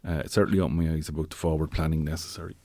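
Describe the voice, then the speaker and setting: A man's voice: very deep voice, steady tone, very fast, mellow, no echo. A man co-hosting a casual chat show, talking conversationally with wry asides and plenty of fillers. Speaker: podcast co-host.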